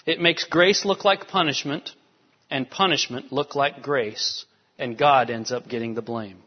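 A male pastor giving an animated sermon, swinging between soft, quiet lines and emphatic rises. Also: mid-range voice, measured pace, husky. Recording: dull sound with long hall reverb.

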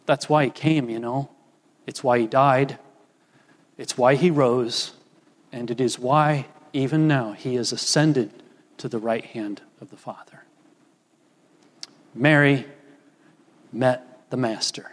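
An older man preaching a sermon as pastor, slow and deliberate with emphatic pauses. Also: mid-range voice, steady tone. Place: church sanctuary. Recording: long reverb of a church hall.

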